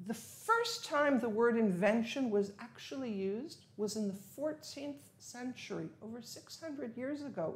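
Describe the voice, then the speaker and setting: A woman's voice: fairly high pitch, darkish tone. A woman English teacher giving a recorded vocabulary lesson, explaining patiently and stressing key words with examples.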